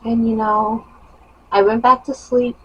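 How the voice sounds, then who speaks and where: A young woman vlogger telling a personal story in a casual, animated monologue with emphatic rising bursts. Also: on the high side, measured pace, lo-fi sound, a little hiss or hum.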